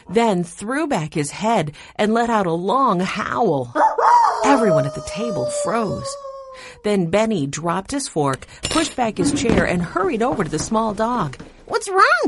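A woman narrating a children's storybook aloud in an expressive reading style. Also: mid-range voice, slow pace, heavy background noise.

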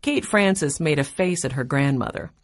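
A woman reads a children's chapter book aloud in an even, storytelling way. Her voice sits low. The recording is close and dry. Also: normal speed, no room sound. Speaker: audiobook narrator. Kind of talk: children's audiobook narration.

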